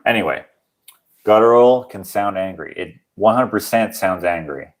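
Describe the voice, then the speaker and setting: Low-voiced man rambling on a livestream. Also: expressive, normal speed. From Canada. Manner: rambling, joking, reads viewer comments aloud. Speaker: livestream host. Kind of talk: casual livestream chat.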